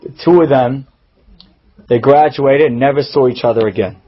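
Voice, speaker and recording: A male rabbi telling a moving story in a sermon, dramatic, and dropping soft and low at the tense moments. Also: normal speed. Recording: dull lo-fi recording.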